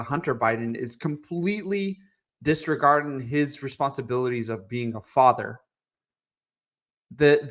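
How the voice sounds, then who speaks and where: A young man co-hosts a political podcast, and his voice sits a little higher than most men's. He rants with heat and plenty of swearing, piling up clauses as his outrage builds. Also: fairly bright tone. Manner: heated, profane ranting. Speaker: podcast co-host.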